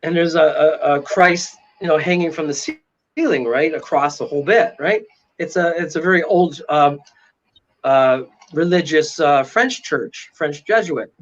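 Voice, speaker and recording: Guy with a high voice spinning a spooky story, acts out every voice, dull lo-fi sound. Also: moderate pace. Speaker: paranormal investigator guest. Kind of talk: animated storytelling. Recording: dull lo-fi audio.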